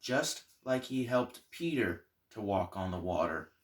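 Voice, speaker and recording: A male pastor telling a Bible story as a Sunday school lesson, animated and then dropping to soft tones for emphasis. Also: lowish voice, a little slow.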